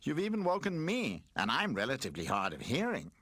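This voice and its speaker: A man's voice: medium pitch, huge pitch swings, brisk, a bit bright, slightly rough, no room sound, clean studio sound, pitched above the performer's own voice, exaggerated voice. A man reading a storybook, voicing a grumpy, complaining old toy who is hard of hearing. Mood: grumbling. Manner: moaning, complaining.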